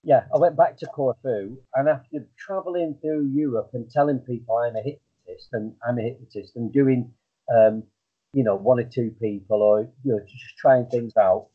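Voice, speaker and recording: A middle-aged hypnotist, appearing as a guest in a casual storytelling interview, rambles through his stories in a self-deprecating way with many fillers. His mid-range voice has a breathy edge and a normal pace, carried over a tinny, phone-like line.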